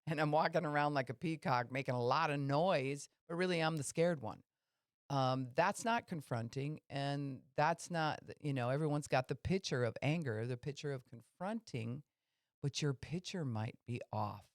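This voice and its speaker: A woman's voice: rumbling low, dry recording, studio quality. A woman pastor giving a conversational teaching talk on a podcast, explaining and asking listeners questions.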